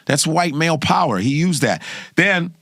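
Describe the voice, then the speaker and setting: A man's voice: a little high, expressive, moderate pace, gravelly, a bit bright, no room sound. Profane, loose-talking male comedian. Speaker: comedian and impressionist. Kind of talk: casual chat.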